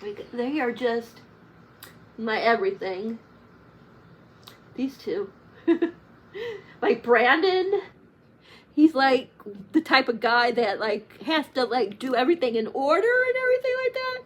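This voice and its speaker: A woman's voice: fairly high pitch, big pitch swings, takes it slowly, long pauses. A woman chatting casually to camera about her favorite books, gushing and emotional, close to tears, with lots of "like" fillers. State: tearful, near crying. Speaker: book reviewer. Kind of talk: casual book chat to camera.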